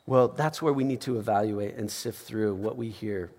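Male pastor, conversational sermon, animated storytelling, long hall reverb. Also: lowish voice, normal speed. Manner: conversational, animated, acts out quotes with laughs.

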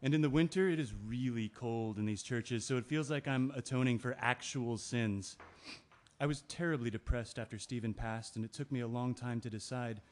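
A man's voice: mid-range voice, normal speed, a little mellow, lightly acted. Brief: man as a wistful, grieving traveler reading his letter aloud, audio drama.

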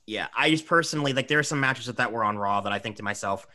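A man's voice: medium pitch, quick pace, pushed and bright. A young man co-hosting a casual chat, hedging and saying "like" a lot. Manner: hedging, many likes. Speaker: podcast co-host.

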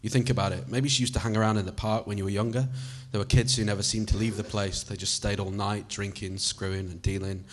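A man's voice: on the low side, steady tone, fast talker, few pauses. A man reading a story aloud in the second person, in a conversational style with casual swearing. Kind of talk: audiobook reading.

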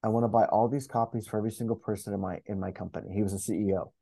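A man who coaches and speaks in public, telling a story as an interview guest, animated and acting out his inner voice, with many restarts. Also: lowish voice, very fast, vocal fry. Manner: animated, acts out inner dialogue.

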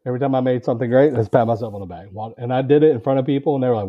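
A man talks as a podcast guest, telling a story about himself in a casual, animated way. He acts out what people said and swears freely. His voice sits at a middle pitch, and the recording is a little dull and lo-fi. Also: rapid-fire, few pauses.

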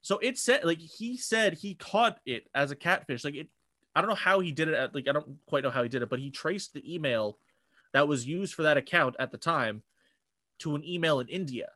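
A man's voice: a little high, a little fast, bright, forceful tone, no echo, studio quality. A young man co-hosting a podcast, recapping online drama in a casual, rambling way with many fillers and restarts. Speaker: podcast co-host. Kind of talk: casual chat.

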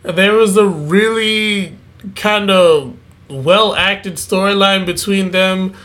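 A man's voice: sits high, a bit bright. A man in his twenties co-hosting a podcast, chatting casually with enthusiastic jokes. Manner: enthusiastic, jokey, drawn-out phrasing. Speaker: podcast co-host. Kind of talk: casual chat.

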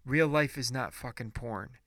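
A man's voice: medium pitch, unhurried, a bit bright, no room sound, studio quality. A man ranting in a casual monologue podcast, blunt and profane, preachy and rambling with restarts.

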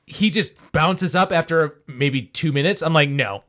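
A man's voice: on the high side, moderate pace, pushed and bright. A man co-hosting a podcast, talking bluntly and casually about a film. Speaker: podcast co-host. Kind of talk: casual chat.

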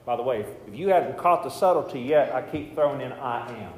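A man's voice: medium pitch, expressive, a little fast, a little mellow. A male pastor preaching a sermon in a conversational way, with joking asides. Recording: echoey hall with faint noise.

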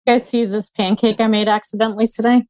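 Animated woman co-host, dry call audio, casual banter. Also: a little high, fast, dry recording, soft background music. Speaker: podcast co-host. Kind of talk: casual chat.

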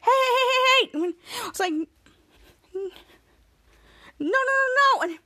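A woman's voice: very high-pitched, pushed and bright. A woman hosting a podcast, casually recapping a TV episode scene by scene and quoting the characters' lines as she goes. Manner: retells scenes by quoting characters, with restarts and "cut to".

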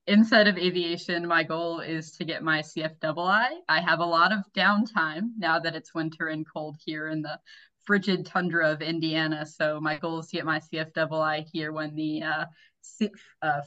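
A young woman, a flight instructor, chatting as a podcast guest in a bubbly, animated way. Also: sits low. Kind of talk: casual interview chat. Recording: dull lo-fi audio.

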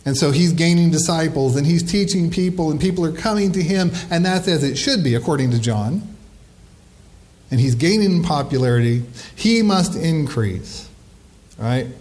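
A middle-aged man, a pastor, preaching a sermon and slowing down to stress key phrases. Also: a little high, darkish tone.

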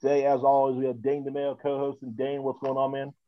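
A man's voice: mid-range voice, monotone, fast talker, no echo, lo-fi sound. A man hosting a casual podcast, rambling with many fillers and restarts. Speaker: podcast host.

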